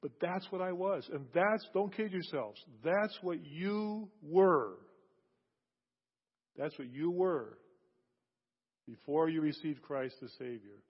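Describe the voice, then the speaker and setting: Male preacher, somewhat high voice, hammers phrases home, drops soft then booms; dull recording in a big reverberant hall. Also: measured pace, breathy edge. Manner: emphatic, repeats key phrases, swings from hushed to loud. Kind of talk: sermon. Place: large hall with an audience.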